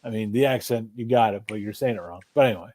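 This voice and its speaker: A man's voice: fairly low pitch, fast, a little mellow. A middle-aged man telling stories in casual chat, swearing freely and laughing often.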